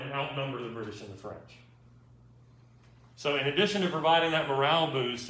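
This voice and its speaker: A man's voice: mid-range voice, fairly bright tone, a little hiss or hum. A man giving an informal, wry history lecture to a class, checking in with his students as he goes. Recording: echoey room, mic far off.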